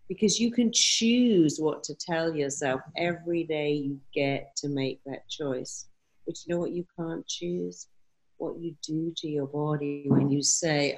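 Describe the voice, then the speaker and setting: Low-voiced woman, animated. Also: a little slow, vocal fry, low-quality recording. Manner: animated, acts out quoted phrases. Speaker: therapist guest. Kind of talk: interview answers.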